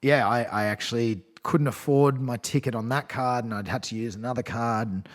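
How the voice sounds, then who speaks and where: An Australian man in his thirties, appearing as a podcast guest, tells his story candidly and ramblingly, swearing freely and restarting sentences. His voice is medium-pitched at normal speed, with a long reverb tail on the recording.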